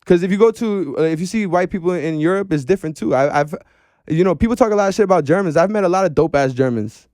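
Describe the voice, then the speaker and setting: An animated man chatting as a podcast guest, dropping "bro" and slang constantly. His voice sits a little high and sounds smooth and clear. The room is dead, with no echo. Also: fast talker, studio quality. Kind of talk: casual podcast chat.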